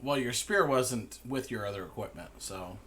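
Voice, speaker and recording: A man narrating a tabletop game as game master in a slow, measured way. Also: medium pitch, expressive, a crowd in the background.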